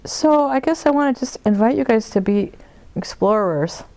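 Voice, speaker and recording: A woman leading a forgiveness workshop, talking gently and meandering with soft laughs as she guides the group. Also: fairly high pitch, animated, normal speed, no echo. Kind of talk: guiding a group session.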